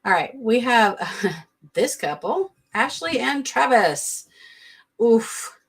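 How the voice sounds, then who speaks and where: A woman's voice: a little high, sing-song, gravelly, husky. Woman host, sassy and blunt, casual live-stream commentary. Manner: sassy, blunt, quick to laugh. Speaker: reality TV recap host.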